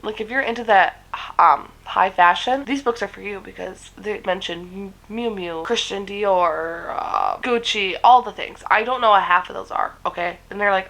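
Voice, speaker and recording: A woman's voice: medium pitch, fairly quick, fairly bright tone, poor audio. A woman reviewing books in a casual chat, gushing, swearing freely and filling gaps with "like". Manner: chatty and gushing, swears freely, many fillers. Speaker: book vlogger.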